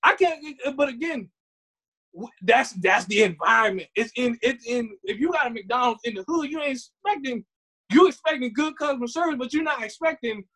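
A woman's voice: a little high, normal speed, husky. A woman co-hosting a podcast, chatting casually and acting out voices as she tells stories. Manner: animated storytelling, acts out other people's voices. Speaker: podcast co-host. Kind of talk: casual chat.

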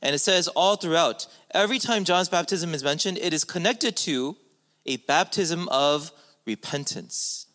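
A man's voice: on the high side, unhurried, sharp tone. A man preaching a sermon as a pastor, emphatic, with his voice rising and falling for stress.

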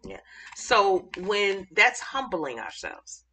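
A woman teaches scripture in an informal, excited way, often pausing and restarting as she looks for the next verse. She speaks slowly and deliberately. Her voice is bright and forward. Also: mid-range voice, slight background noise. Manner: excited, halting, searching for verses mid-thought. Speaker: Bible teacher.

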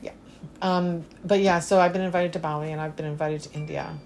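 A woman's voice: sits low, steady tone, a little fast, a little mellow, slight background noise, rough recording. A woman in casual conversation, talking emphatically and running through long lists of examples. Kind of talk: casual chat.

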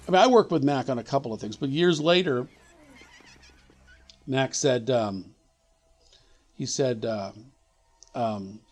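A man's voice: medium pitch, darkish tone. A middle-aged man, a line producer, telling an anecdote in an interview, rambling and restarting as he searches for words.

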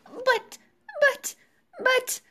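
A woman doing a shrill, frantic little wife. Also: flat delivery, very slow, bright, forceful tone, a little hiss or hum, exaggerated voice. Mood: alarmed. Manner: shrill, wailing cries. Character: flustered middle-aged wife turned tiny, shrill. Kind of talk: read-aloud storytelling.

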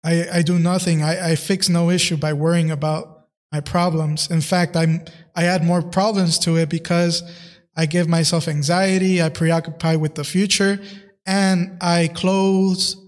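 A man's voice: fairly high pitch, little pitch movement, measured pace, in a large hall. A man hosting a podcast, talking in a casual, earnest way about his faith, with many fillers and restarts. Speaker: podcast host.

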